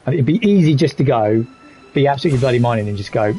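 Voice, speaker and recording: A man's voice: medium pitch, animated, quick pace, warm tone, faint music behind, rough recording. A man live streaming a game, talking candidly and reflectively while reading chat messages aloud. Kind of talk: casual gaming stream commentary.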